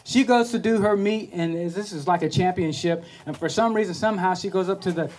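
High-voiced man telling a motivational story. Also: a little fast, slight background noise. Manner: animated, acts out voices, laughs at his own story. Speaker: podcast host.

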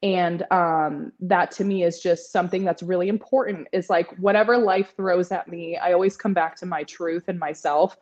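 A woman's voice: lowish voice, steady tone, normal speed, few pauses, a little mellow, highs cut off. A woman in her twenties, a podcast guest, talking in a chatty way with lots of fillers and frequent laughter. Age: 20s. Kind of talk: casual interview chat.

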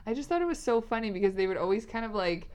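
A woman co-hosting a casual chat, playful and expressive, laughing often. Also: medium pitch, racing, smooth. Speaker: podcast co-host.

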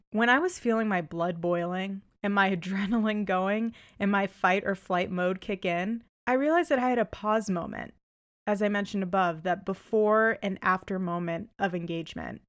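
Woman young podcast host, animated storyteller, faith reflection, mid pitch. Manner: animated retelling, voices rise for quoted lines. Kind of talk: storytelling monologue, Christian reflection.

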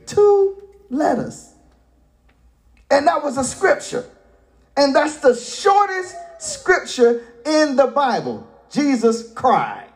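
A male pastor delivering a sermon in a lively, swooping voice that rises into shouts for emphasis. He takes his time and lets the phrases land slowly, paraphrasing scripture in plain, folksy words. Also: very high-pitched. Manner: animated preaching with sudden shouted emphasis.

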